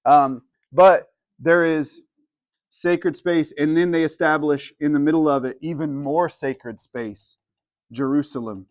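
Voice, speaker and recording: A man preaching a teaching sermon as pastor, chatty and casual, often asking "right?" and rising loud and high for emphasis. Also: unhurried, dry recording, clean studio sound. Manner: casual, conversational, frequent "right?" and "like". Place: church hall.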